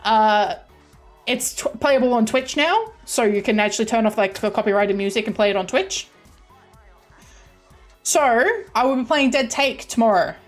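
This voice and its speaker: A woman's voice: fairly high pitch, normal speed, soft background music. A woman streamer chatting casually to her viewers, bubbly, rambling and giggly. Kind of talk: casual chat on a game stream.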